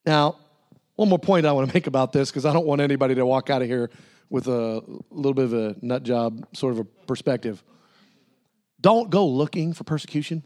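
A man with a notably high-pitched voice preaches a lively sermon to his congregation. He jumps between bright, excited bursts and low, earnest stretches, and laughs often as he talks. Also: fairly quick. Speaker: pastor.

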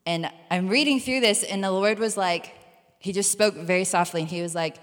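A woman's voice: mid-range voice, moderate pace. A woman missionary giving a candid, conversational personal testimony during a church service. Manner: candid, conversational, animated retelling with playful asides. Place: church sanctuary. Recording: long church hall reverb.

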